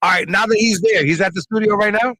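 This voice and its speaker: A man co-hosting a podcast, telling a story in animated, slangy casual chat. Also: high-pitched, fast, no echo. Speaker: podcast co-host.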